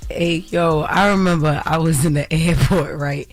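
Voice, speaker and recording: High-voiced laughing man in a dry studio. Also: fairly even intonation, normal speed, dry recording, soft background music. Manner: laughing, self-mocking. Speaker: radio co-host. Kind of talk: casual storytelling banter. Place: radio studio.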